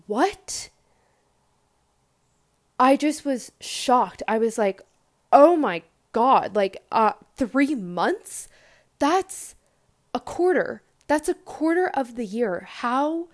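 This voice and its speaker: A young woman hosting a podcast, talking earnestly in a rambling casual monologue full of fillers and restarts, with animated quoted asides. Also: medium pitch. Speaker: podcast host.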